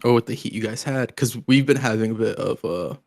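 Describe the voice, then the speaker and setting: A man's voice: medium pitch, brisk, gravelly, no room sound, studio quality. A man co-hosting a podcast in casual chat, laid-back and teasing. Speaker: podcast co-host.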